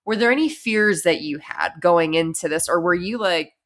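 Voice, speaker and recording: Low-voiced woman podcast host. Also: moderate pace. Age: 30s. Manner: reflective, rambling questions with many likes. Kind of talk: casual interview chat.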